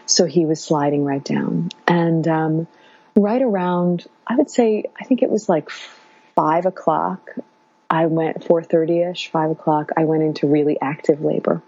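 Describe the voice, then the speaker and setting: A woman in her thirties, a guest in an interview, casually recounts her birth story, meandering with many fillers. Her low voice is mellow and husky and comes at a measured pace, on a dull lo-fi recording.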